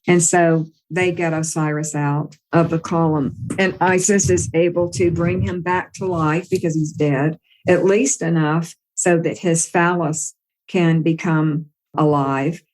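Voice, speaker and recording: A woman with a notably low voice retells an old myth for a spiritual talk. Her delivery is gentle and unhurried, with the flow of a storyteller. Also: fairly even intonation. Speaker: spiritual teacher.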